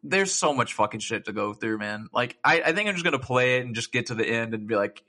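A young man co-hosting a casual gaming podcast, telling stories in an animated way, full of swearing and laughter. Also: mid-range voice, fast talker. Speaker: podcast co-host.

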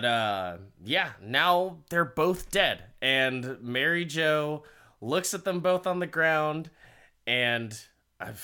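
A man's voice: mid-range voice, sharp tone. A man casually retelling a story for laughs, laughing often, swearing and rambling into asides. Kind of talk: casual comedic story recap.

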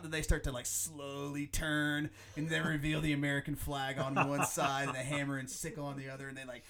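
A man hosting a podcast, chatting casually and excitedly about a movie, often quoting its lines. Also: fairly high pitch, a little fast, creaky, few pauses. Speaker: podcast host.

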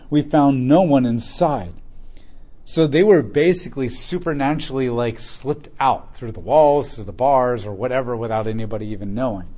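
Guy reading bible verses then chatting about them, low mellow tone, kinda joking. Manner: reads scripture aloud, then comments casually with humor. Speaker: Bible teacher.

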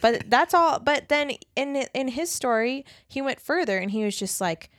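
A woman co-hosting a casual faith discussion podcast, talking in an earnest, animated way and acting out quoted lines. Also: sits high, normal speed, no room sound. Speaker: podcast co-host.

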